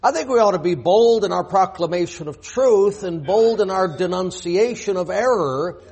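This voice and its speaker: A man delivering a church sermon in a fairly high voice with a husky, breathy edge. He presses his points with pointed rhetorical questions. He reads scripture aloud in a forceful preaching cadence. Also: animated, normal speed.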